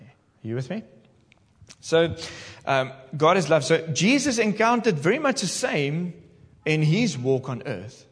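A male pastor preaching a sermon in an animated way, talking straight to his congregation in church. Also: mid-range voice, long reverb tail.

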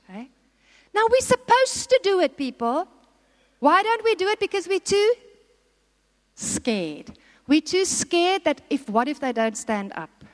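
A woman preaching a sermon, exhorting and putting questions to the congregation. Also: high-pitched. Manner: exhorting, asks the audience questions. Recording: long hall reverb.

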